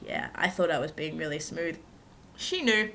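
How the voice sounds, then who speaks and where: A woman's voice: sits low, normal speed, creaky, sharp tone, slight background noise. Chatty self-mocking young woman. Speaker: vlogger. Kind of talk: casual storytelling to camera.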